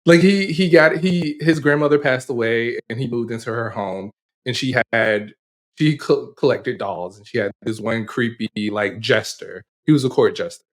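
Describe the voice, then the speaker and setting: A man co-hosting a podcast in casual chat, who laughs often and tells animated, rambling stories. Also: medium pitch, moderate pace. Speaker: podcast co-host.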